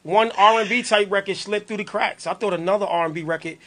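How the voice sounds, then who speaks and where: A man hosting a podcast in casual chat, loose and hype, with announcer-style shout-outs. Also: sits high, quick pace, very noisy. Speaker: podcast host.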